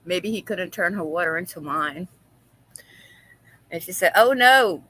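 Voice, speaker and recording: A woman's voice: lowish voice, unhurried, bright, forceful tone, breathy edge, poor audio. A woman hosting a casual live-stream chat, gossiping, laughing often and reading viewers' comments aloud.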